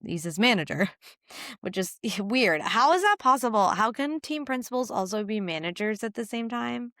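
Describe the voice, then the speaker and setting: A woman's voice: fairly high pitch, expressive, moderate pace, fairly bright tone, dry recording, studio quality. A woman from the United States co-hosting a motorsport podcast, chatting casually and frankly with frequent laughs. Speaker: podcast co-host. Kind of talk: casual chat.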